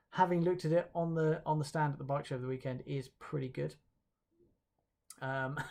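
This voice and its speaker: An awards presenter on a livestream, rambling and stopping often to correct themselves. The delivery is casual and self-mocking, with viewer comments read out between announcements. The pitch sits right in the middle. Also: a little mellow. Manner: chatty and hesitant, with many fillers and self-corrections; light self-mocking humor.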